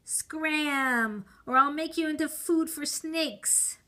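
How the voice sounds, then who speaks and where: A woman voicing a gruff, threatening male street conjurer in a read-aloud story. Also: sits high, slow pace, sharp tone, voice pushed up, full character voice.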